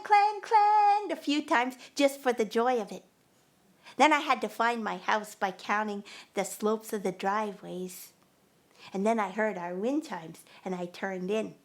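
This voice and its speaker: A woman telling a first-person story at a live performance, narrating expressively and acting out the dialogue. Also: mid-range voice. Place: performance venue.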